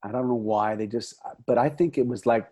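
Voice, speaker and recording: Mellow, husky middle-aged man. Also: medium pitch, fairly quick. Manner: lively, chatty storytelling with frequent laughs and restarts. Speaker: first assistant director, podcast guest. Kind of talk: casual conversation.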